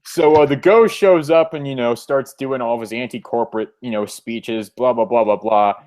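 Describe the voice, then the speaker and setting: A man's voice: mid-range voice, normal speed, darkish tone. A man hosting a casual comic review, recapping the plot and reading the dialogue aloud. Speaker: podcast host.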